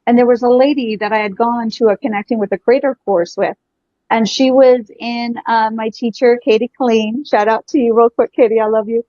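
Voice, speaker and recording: A woman's voice: on the high side, steady tone, brisk, no room sound, lo-fi sound. A woman guest telling an emotional story, effusive and full of breathless exclamations, speaking over a video call. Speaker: guest, energy healer.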